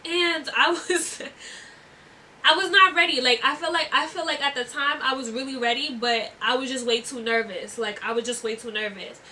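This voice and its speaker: A woman's voice: high voice, moderate pace, bright, forceful tone, recorded from a distance, slight background noise. A young woman telling a storytime, chatty and giggly, with lots of fillers. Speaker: vlogger. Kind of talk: casual storytime.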